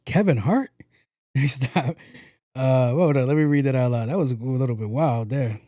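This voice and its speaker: A man riffs through casual podcast commentary, full of swearing, jokes and repeated words. His voice is mellow and warm. The sound is dry and close. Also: medium pitch, normal speed, no room sound. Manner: profane, joking, repeats himself. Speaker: podcast host.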